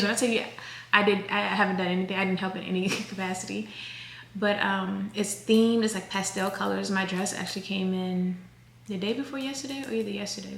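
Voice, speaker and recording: A woman's voice: mid-range voice, fairly bright tone, echoey room. A woman, chatting casually to camera as a vlogger, rambling and correcting herself as she goes. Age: 30s.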